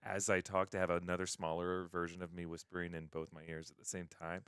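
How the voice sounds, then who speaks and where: A man's voice: deep voice, completely flat delivery, brisk, fairly bright tone, clear, resonant tone, no room sound. A man guesting on a live stream, chatting casually with dry, self-deprecating humor.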